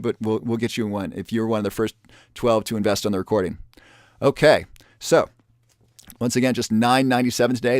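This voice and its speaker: A man presenting a webinar and making an upbeat sales pitch, repeating the offer with urgency. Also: darkish tone, no echo, studio quality.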